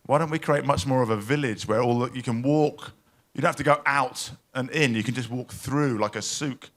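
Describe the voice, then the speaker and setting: A man's voice: medium pitch, normal speed, a bit bright. A man speaks at a live event in a pavilion, telling stories with a mid-range voice. He sounds emotional and anecdotal, stopping and restarting his sentences often. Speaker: panel speaker at a climate event.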